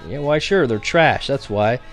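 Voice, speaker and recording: A man's voice: medium pitch, expressive, unhurried, soft background music, close to an everyday voice. A man voicing a blunt, scornful middle-aged father in an audiobook reading. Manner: sneering, combative. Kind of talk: audiobook character voice.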